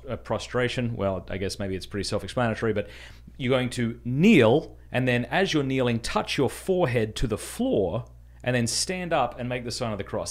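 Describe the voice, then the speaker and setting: A man, a podcast host, casually and earnestly walks listeners through a prayer, chatty and easily amused. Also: fairly low pitch. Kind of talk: casual spoken instruction.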